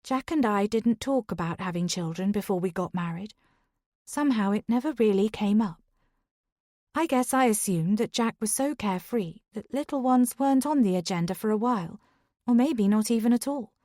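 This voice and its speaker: A woman reading a first-person thriller audiobook in a steady, conversational way, her voice sitting in a middle register. The recording is dry and close, with no room sound. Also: mid-range voice, moderate pace, dry recording. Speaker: audiobook narrator.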